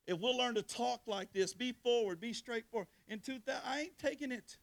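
Gravelly high-voiced preacher. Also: male voice, brisk. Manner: preaching with call-and-response to the congregation; colloquial Southern speech. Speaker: pastor. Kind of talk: sermon.

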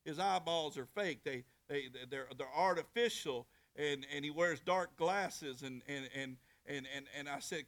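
A man preaching to his congregation. His voice sits a little high, and his delivery is folksy and animated, with frequent restarts mid-phrase. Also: a little slow, hardly any pauses. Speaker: pastor. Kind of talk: sermon.

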